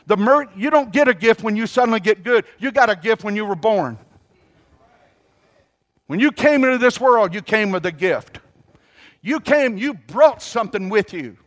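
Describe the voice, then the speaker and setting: A pastor preaches in a notably high voice with a fairly bright tone. Emphatic, he draws out key words and calls on the congregation to repeat phrases back, often restarting his sentences mid-thought in a halting way.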